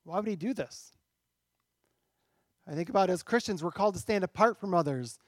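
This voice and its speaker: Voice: medium pitch, animated, brisk, no echo, clean studio sound. A pastor preaching a sermon in a church, talking conversationally and asking rhetorical questions.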